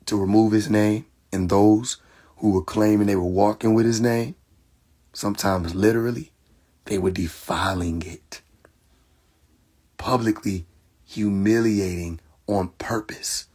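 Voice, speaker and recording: A young man hosting a casual livestream, talking emphatically with laughter, repetition and profanity, his voice hoarse. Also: on the low side, fairly even intonation, measured pace, long pauses, a little mellow. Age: young adult. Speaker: livestream host. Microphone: phone.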